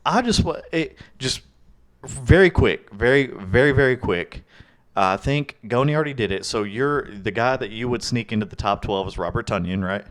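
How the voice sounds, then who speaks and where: A man hosting a casual podcast, relaxed and jokey, steering the conversation. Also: medium pitch, normal speed. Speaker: podcast host. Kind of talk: casual banter about fantasy football.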